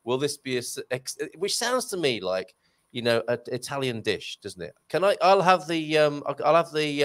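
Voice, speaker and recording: A man's voice: a little high, moderate pace. A man hosting a live-stream chat, joking and poking fun at himself as he reads out viewer questions. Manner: joking, self-mocking, lively banter. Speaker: show host.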